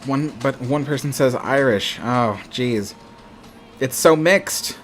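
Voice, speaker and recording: A man's voice: mid-range voice, takes it slowly, a little hiss or hum. A man hosting a live stream, chatting casually and reading viewer comments aloud with frequent ums. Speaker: livestream host.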